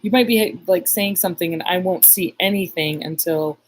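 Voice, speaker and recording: A woman's voice: on the low side, normal speed, a little hiss or hum, low-quality recording. A woman psychic medium telling a story in a casual live stream, rambling with many restarts and reading viewer comments aloud.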